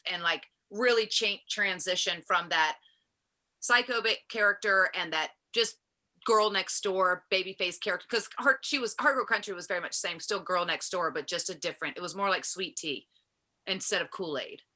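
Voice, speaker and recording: A woman's voice: on the low side, moderate pace, sharp tone. A woman from the American South with a faint Southern accent, a guest telling stories about her wrestling career in casual chat. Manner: storytelling, reflective.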